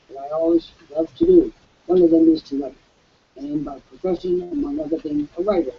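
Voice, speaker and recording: A man hosting a promotional webcast as an author, pitching an offer in a grand, salesman-like way. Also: gravelly. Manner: grandiloquent, salesman-like delivery with sweeping pitch swings. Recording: dull lo-fi webcast audio.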